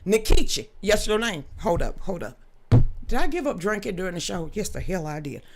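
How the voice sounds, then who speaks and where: A woman hosting a casual live stream into a studio microphone, chatting with viewers in a loud, blunt and joking way, laughing often and swearing freely. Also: mid-range voice, very animated, fairly quick, heavy background noise. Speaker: livestream host. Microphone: studio microphone with a level meter.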